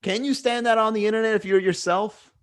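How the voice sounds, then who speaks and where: A man with a high-sitting, steady voice talks a little fast while hosting a casual solo podcast indoors at home. He muses aloud in a rambling way, swearing freely and using lots of fillers.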